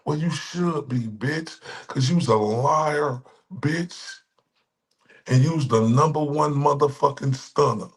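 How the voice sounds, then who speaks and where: A man's voice: a little high, slow. A man from Dallas streaming a reaction, ranting and mocking with heavy insults and repetition. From Dallas, Texas. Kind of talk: profane reaction rant.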